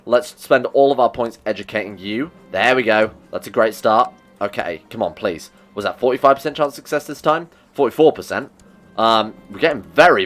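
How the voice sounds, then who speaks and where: A man hosting a strategy game playthrough, talking excitedly to his in-game characters and joking at his own mistakes. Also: mid-range voice. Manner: self-mocking asides. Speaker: gaming video host. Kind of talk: let's play commentary.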